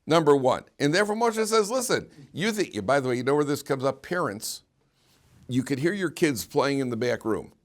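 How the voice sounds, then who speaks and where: A man's voice: mid-range voice, lively intonation, fairly quick. A man, a rabbi, giving an informal Torah class to students, asking rhetorical questions and restarting phrases as he talks. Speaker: rabbi teaching a yeshiva class. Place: yeshiva classroom.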